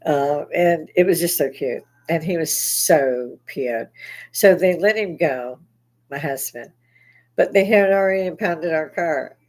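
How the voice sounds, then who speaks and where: A woman's voice: deep voice, unhurried, darkish tone, low-quality recording. A middle-aged woman hosting her own show, telling a story in a blunt, profane way and often breaking into laughter. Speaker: podcast host. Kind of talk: casual storytelling monologue.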